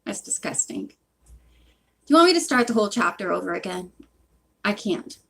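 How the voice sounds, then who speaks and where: A woman's voice: mid-range voice, big pitch swings, normal speed, gravelly, fairly bright tone, husky, rough recording. A woman reading a book aloud and chatting in between, rambling and interrupting herself, recorded on a phone in a hot room. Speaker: reader.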